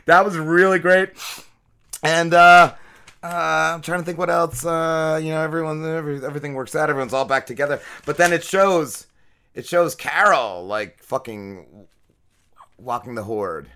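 A podcast co-host casually recaps an episode, rambling along with plenty of swearing and filler words. His voice sits on the high side, smooth but sharp in tone, at a moderate pace.

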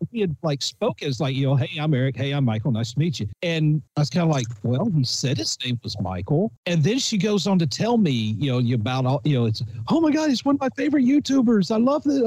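A man's voice: on the high side, no echo, low-quality recording. A man telling an anecdote in casual panel chat, acting out the quotes. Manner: animated storyteller, acts out quotes.

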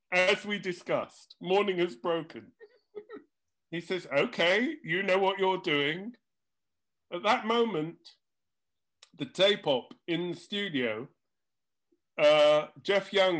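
A man's voice: sits high, a bit bright. An older man, a jingle composer, tells studio stories in a chatty talk show. He has dry comic timing and acts out other people's lines. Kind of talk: anecdotal storytelling chat.

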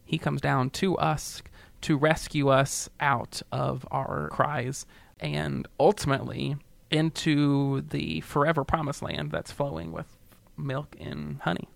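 A man's voice: on the high side, slow, gravelly, no echo. A male pastor talking earnestly and emotionally in a podcast discussion, building up to a preaching tone at times.

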